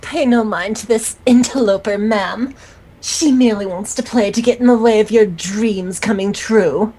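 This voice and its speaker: A woman's voice: mid-range voice, normal speed, dark tone, a little hiss or hum, close to an everyday voice. A woman voicing a haughty, boastful female unicorn shopkeeper in a fan story reading, talking down to everyone. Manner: grandiose, condescending.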